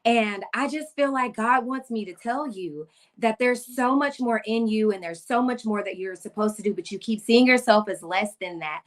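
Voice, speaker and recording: A woman's voice: a little high, moderate pace. A woman health coach telling a personal story casually and acting out the dialogue. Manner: animated, acts out quoted dialogue.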